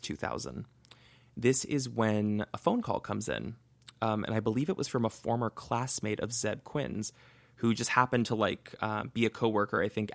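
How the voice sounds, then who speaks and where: A low-pitched man with a gravelly edge co-hosts a true-crime podcast, retelling a case in loose, conversational chat. He thinks out loud as he goes. His voice is dry and close, recorded on a studio podcast mic. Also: dry recording. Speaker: podcast co-host.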